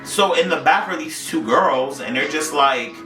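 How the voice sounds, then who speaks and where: A man's voice: a little high, lively intonation, moderate pace. A man co-hosting a casual podcast, telling a wild night-out story in slang, swearing freely. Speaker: podcast co-host. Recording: roomy sound, mic at a distance, faint music.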